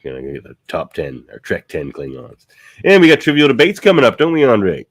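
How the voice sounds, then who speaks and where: Male podcast host, very low voice, laid-back, video call, casual banter. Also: brisk. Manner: relaxed, plugs network shows.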